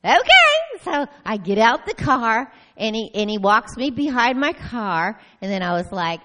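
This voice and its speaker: A woman giving an animated personal testimony at a church meeting, telling her story with frequent laughter. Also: a little high, normal speed, very noisy. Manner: lively storytelling, often breaks into laughter. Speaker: church member sharing a testimony.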